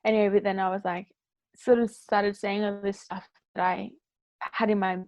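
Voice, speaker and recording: A woman's voice: medium pitch, little pitch movement, moderate pace, darkish tone, dry recording. A woman telling stories as a podcast guest in a casual chat, leaning on "like" and acting out what people said. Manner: chatty, fills speech with "like", acts out quoted dialogue.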